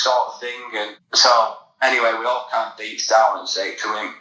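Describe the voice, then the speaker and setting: A man's voice: on the low side, fairly even intonation, moderate pace, hardly any pauses, pushed and bright, roomy sound, rough recording. An English man, a former footballer, telling a long anecdote in a casual podcast chat, with many fillers and restarts. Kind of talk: casual storytelling.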